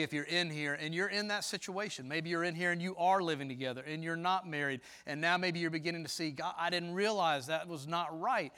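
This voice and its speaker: A middle-aged man preaching a sermon as pastor, animated and folksy. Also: fairly high pitch, clear, resonant tone.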